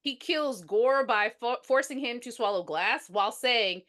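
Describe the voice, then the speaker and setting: Bright-voiced woman recapping a movie. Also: fairly high pitch, unhurried, hardly any pauses. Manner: animated storyteller acting out characters' lines. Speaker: podcast co-host.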